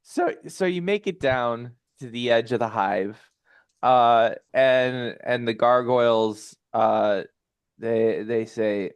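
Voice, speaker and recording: A man runs a tabletop game in slow, halting narration, full of "uh"s and laughter. His voice sits at an everyday middle pitch, recorded close and dry with no room echo. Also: clean tone. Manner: halting, many fillers, laughs often. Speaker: game master.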